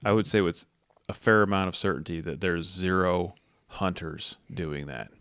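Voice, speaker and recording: A man's voice: low voice, normal speed, a bit bright, dry recording, clean studio sound. A man hosting a casual outdoors podcast, telling a long story in a blunt, profane way and acting out the dialogue. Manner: rambling storyteller who acts out quoted dialogue. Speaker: podcast host.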